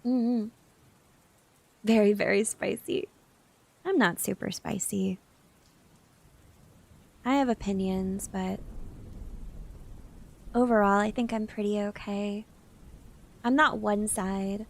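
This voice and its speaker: A young woman chats casually on a live stream, answering her viewers one message at a time. She talks at an unhurried, drawn-out pace with a slightly high voice. A gravelly vocal fry runs through her speech. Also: expressive. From Southern United States. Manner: chatty, reads out and answers chat. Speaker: VTuber streamer.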